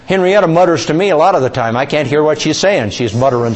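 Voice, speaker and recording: A male pastor with a voice on the high side teaches a sermon, putting questions to the congregation, repeating key words and slowly drawing out scripture quotes.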